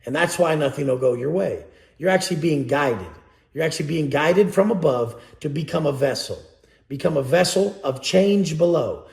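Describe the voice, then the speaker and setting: A man's voice: fairly high pitch, vocal fry, a little mellow, roomy sound. A man giving a blunt, profane motivational talk as a coach, preaching to his audience.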